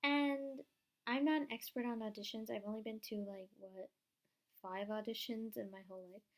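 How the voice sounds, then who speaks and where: A young woman vlogging at home into a camera, hyped up and rambling, with many "like" fillers. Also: a little high. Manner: excitable, rambling, fast-talking with many "like" fillers. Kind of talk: hyped-up casual vlog.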